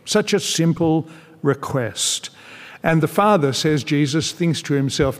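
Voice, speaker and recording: A man preaching a sermon in an earnest, measured way, with emphatic pauses. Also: fairly high pitch, expressive. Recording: long reverb in a large hall.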